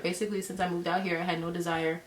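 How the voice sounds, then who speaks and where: A woman's voice: fairly low pitch, flat delivery, rapid-fire, a little hiss or hum. A woman chatting casually to camera while doing her makeup, playful and a little nervous. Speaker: beauty vlogger.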